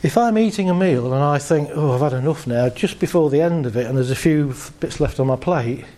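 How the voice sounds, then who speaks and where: A man giving a humorous, animated talk to a live audience, shifting his pace and voice for effect. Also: a little high, fairly quick. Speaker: speaker.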